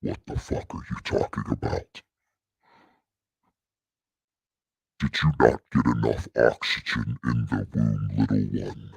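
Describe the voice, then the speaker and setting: A man putting on a demonic deep voice through a voice changer, growling crude threats and jokes as a channel host. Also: steady tone, normal speed, creaky, husky, dry recording, full character voice. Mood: menacing.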